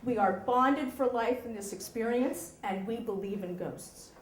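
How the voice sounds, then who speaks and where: A woman telling a true story live on stage, animated, often checking in with the audience. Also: a little high, measured pace, roomy sound, a little hiss or hum.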